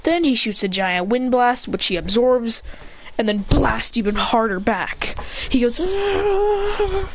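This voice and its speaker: A higher-pitched woman rambles breathlessly through an imagined anime fight, shouting her own sound effects. The recording is dull and lo-fi, with a faint hiss underneath. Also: unhurried. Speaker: storyteller.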